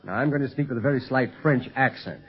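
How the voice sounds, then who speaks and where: An actor playing a calm, seasoned secret police agent in a 1930s radio serial, steady and giving orders. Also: male voice, medium pitch, fast, breathy edge, dull audio. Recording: scratchy noisy 1930s radio recording.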